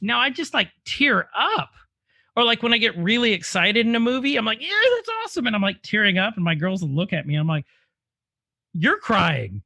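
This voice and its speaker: A man in his thirties co-hosting a casual podcast, animated, laughing easily and admitting he tears up at films. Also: sits high, normal speed, gravelly, no echo. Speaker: podcast co-host. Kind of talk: casual chat.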